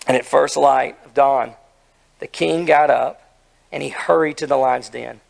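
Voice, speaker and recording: A hoarse man preaching an earnest, emphatic sermon, asking his listeners questions as he retells a story. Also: medium pitch, fairly even intonation, measured pace. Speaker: pastor.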